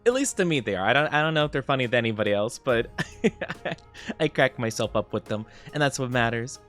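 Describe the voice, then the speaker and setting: A man's voice: mid-range voice, animated, fairly quick, fairly bright tone, soft background music. A young man chatting casually on a live stream, upbeat and giggly as he greets his chat.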